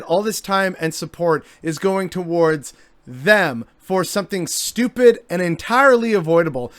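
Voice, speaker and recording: Sarcastic high-voiced man venting. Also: no echo. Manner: sarcastic, exasperated. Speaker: commentary vlogger. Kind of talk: opinion commentary monologue.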